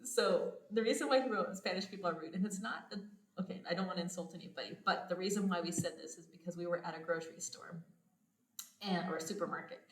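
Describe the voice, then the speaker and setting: A woman's voice: on the low side, quick pace. Chatty woman in an echoey room. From United States. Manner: chatty storytelling, laughs often. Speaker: podcast host. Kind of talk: casual chat. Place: home abroad, indoors.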